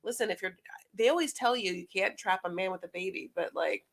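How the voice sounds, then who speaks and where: A woman's voice: medium pitch, brisk, creaky, a bit bright. A woman co-hosting a podcast, recapping a reality show in a rambling, playful way with many fillers. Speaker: podcast co-host. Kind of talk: casual reality TV recap chat.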